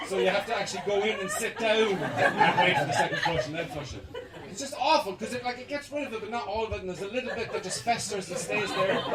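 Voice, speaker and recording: A man's voice: sits high, heavy background noise. Irish male comic, live club gig, distant roomy mic, heavy crowd laughter. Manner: animated, acts out characters in loud bursts. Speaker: stand-up comedian. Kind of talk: live stand-up set. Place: small basement comedy club.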